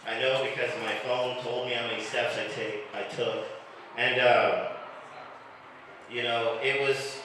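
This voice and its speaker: A man doing a live stand-up set in a comedy club, crude and deadpan, chatting with the crowd. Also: mid-range voice, a little slow. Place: comedy club stage, heard from afar. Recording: echoey room recorded from a distance. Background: audience noise.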